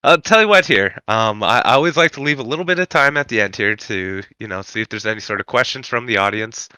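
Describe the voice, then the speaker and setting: A man's voice: lowish voice, quick pace, sharp tone, clear, resonant tone, no echo. Stuffy, nasal man hosting a Q&A. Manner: easygoing, inviting, with fillers. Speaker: host of the AMA. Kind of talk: casual online Q&A hosting.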